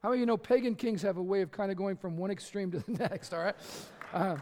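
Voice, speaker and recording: Male pastor, impassioned sermon, very high voice, echoey church hall. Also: fast talker, few pauses, slight background noise. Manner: impassioned, building to shouts. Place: church sanctuary.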